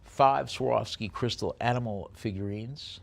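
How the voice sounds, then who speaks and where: A man calling a live auction, rattling off bids in a quick chant and slowing down to describe each lot. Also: medium pitch, creaky, slight background noise. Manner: rapid bid-calling chant alternating with slower item descriptions.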